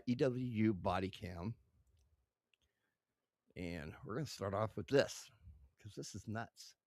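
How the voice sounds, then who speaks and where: Brief: excitable male host reacting to footage, swears a lot, lively pitch, dry close sound. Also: no echo. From Texas. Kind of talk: casual reaction commentary.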